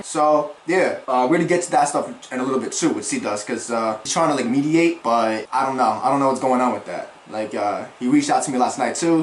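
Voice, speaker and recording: A man's voice: mid-range voice, a little hiss or hum. A man talking as a YouTuber, rambling through commentary on online drama in slangy speech that swears a lot. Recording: roomy echo.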